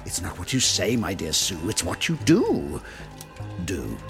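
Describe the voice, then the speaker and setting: A man's voice: low voice, huge pitch swings, measured pace, music in the background, exaggerated voice. A man voicing a deranged, murderous Christmas monster with a sneering, theatrical delivery. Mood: smug.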